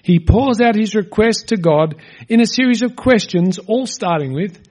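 High-voiced man preaching an earnest sermon. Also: expressive, normal speed, darkish tone. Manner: earnest, conversational preaching with rhetorical questions. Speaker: pastor.

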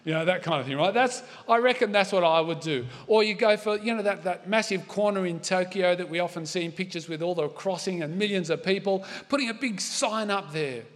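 A middle-aged man preaching a sermon in a relaxed, chatty way, with asides and questions to his listeners. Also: high voice, brisk, hardly any pauses. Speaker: pastor. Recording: long hall reverb.

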